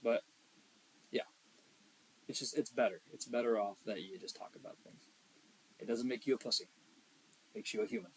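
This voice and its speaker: A young man talks on a podcast with blunt, profane conviction, jumping from loud emphasis to low, quiet asides. His voice sits at a middling pitch, and a faint hiss runs under the recording. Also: big pitch swings, moderate pace, long pauses, rough recording. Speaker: podcast co-host. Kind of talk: casual podcast chat.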